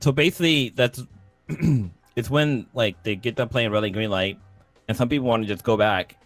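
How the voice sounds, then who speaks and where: A man's voice: mid-range voice, moderate pace, no echo, soft background music. A man co-hosting a podcast in casual chat. He talks in a laid-back, profane way. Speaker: podcast co-host.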